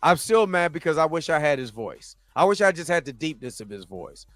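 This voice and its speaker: A man's voice: a little high, sing-song, fairly quick, a bit bright, no echo. A man hosting a casual livestream, reading chat and talking in a laid-back, chatty way. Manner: laid-back, chatty, often laughing and trying voices.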